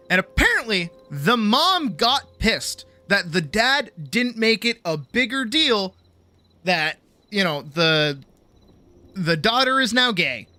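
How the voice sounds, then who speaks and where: A man's voice: high-pitched, animated, a little slow, sharp tone, faint music behind. A man streaming games and rambling through a story casually, full of fillers and swearing. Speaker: game streamer. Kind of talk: casual live-stream chat.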